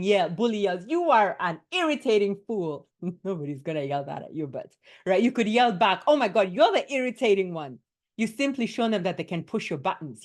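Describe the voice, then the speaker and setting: A woman wellness coach giving a workshop talk to doctors, lively and emphatic, often checking in with her listeners. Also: fairly low pitch. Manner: lively and emphatic, often tagging points with "right?".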